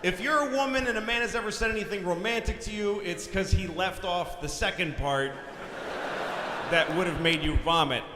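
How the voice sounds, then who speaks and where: In this live theater recording with an audible crowd, a man from Boston sits high in pitch and talks at normal speed. He's doing stand-up in a large concert hall, with blunt, crude material delivered as exasperated rants.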